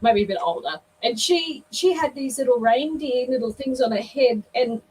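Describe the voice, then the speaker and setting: An older Australian woman telling a lively story in casual chat on a video call, laughing often. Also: high voice, moderate pace, soft background music. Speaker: guest. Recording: distant mic, faint background noise.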